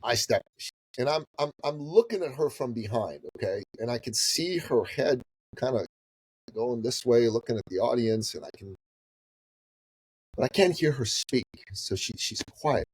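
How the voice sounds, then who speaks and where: A man in his fifties from the Middle East, a business coach telling a story as a podcast guest in a casual, animated way that swings between loud and hushed. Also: mid-range voice, normal speed, breathy edge, no echo, low-quality recording. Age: 50s.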